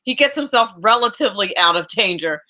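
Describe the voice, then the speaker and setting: A woman from South Jersey hosts a talk radio show, telling stories in a loose, chatty way and stumbling through restarts. Her voice is bright and forceful. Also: medium pitch, expressive, a little fast. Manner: warm chatty storyteller, many restarts, laughs easily. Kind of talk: casual radio interview chat.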